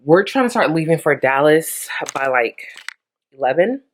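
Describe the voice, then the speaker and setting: Chatty young woman vlogger, lively low voice. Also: moderate pace. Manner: chatty, rambling, laughs often. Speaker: beauty vlogger. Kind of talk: casual vlog chat.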